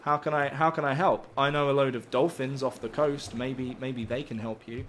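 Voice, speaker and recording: A man's voice: mid-range voice, steady tone, normal speed, slight background noise, natural voice. A man voicing a laid-back, friendly male shark who talks like a surfer dude. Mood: chummy. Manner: easygoing, chummy.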